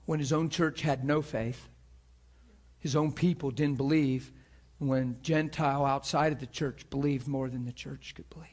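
A man preaching a sermon with deep feeling, acting out scripture scenes with voices and often laughing. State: near tears at times.

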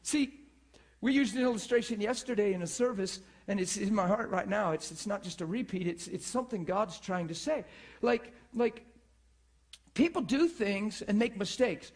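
A man preaching with a fairly high voice, animated and conversational, who often trips over and repeats his words. He keeps pulling the room in with quick checks for agreement. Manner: animated, repetitive, checks in with the audience. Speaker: preacher teaching a church school class. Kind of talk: sermon.

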